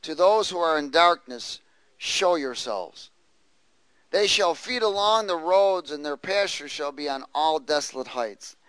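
A man with a somewhat high, slightly bright, clear and resonant voice preaches at a moderate pace with hardly any pauses. He reads scripture and draws call-and-response replies from the congregation, captured in a dry, low-quality recording.

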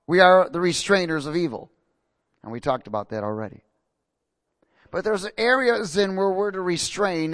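A man's voice: medium pitch, no echo. Emphatic preacher man, dry close sound. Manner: emphatic, rising and falling delivery with slow stressed scripture reading; asks the congregation questions. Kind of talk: sermon.

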